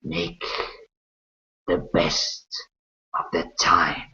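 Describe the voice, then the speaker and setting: A man voicing a shadowy winged creature that deals in souls, speaking in a slow, low, half-whispered voice on a muffled lo-fi recording. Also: level tone, bright, forceful tone, heavily acted. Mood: ominous. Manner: slow, drawn-out delivery. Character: shadowy winged soul-dealing creature, cold and ominous.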